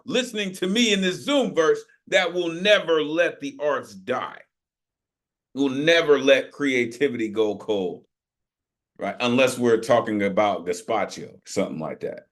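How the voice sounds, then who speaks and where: Energetic man hosting an open mic. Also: on the high side. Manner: energetic, emphatic, laughing hype. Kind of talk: hyping up performers on a video call. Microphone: video call.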